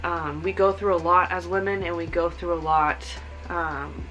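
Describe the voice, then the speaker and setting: Earnest young mom vlogger, bright voice. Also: female voice, lowish voice, steady tone, moderate pace, highs cut off, faint music behind. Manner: earnest, rambling with many "like"s and "um"s. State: emotional, near tears. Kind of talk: casual heartfelt vlog talk.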